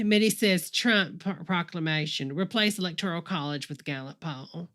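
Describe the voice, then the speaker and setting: A woman's voice: lowish voice, moderate pace, a bit bright. A woman hosting a livestream, trading sassy, mocking asides and calling viewers "honey". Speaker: livestream host commenting. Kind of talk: sarcastic live commentary.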